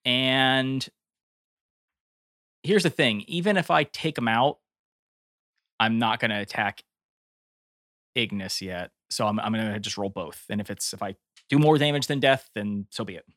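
A man's voice: medium pitch, lively intonation, a little slow, pauses often, fairly bright tone, no room sound, studio quality. A man playing a tabletop game while fighting the hiccups, rambling and correcting himself. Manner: rambling, self-correcting, chuckling. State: has the hiccups. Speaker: player. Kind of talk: casual tabletop game chat.

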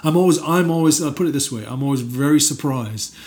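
A man's voice: a little high, fast talker, a little mellow. A man being interviewed as an actor, chatting casually with many fillers and restarts and bursts of emphatic enthusiasm. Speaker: actor guest.

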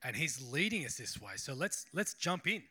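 A man's voice: fairly high pitch, sing-song, moderate pace, bright, forceful tone, husky. A man preaching a casual sermon as a pastor, chatty and rambling, with self-deprecating asides.

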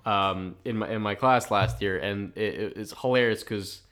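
A man's voice: on the low side, moderate pace, a bit bright. A young man from Albania co-hosting a podcast, rambling, swearing and laughing often in casual chat. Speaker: podcast co-host.

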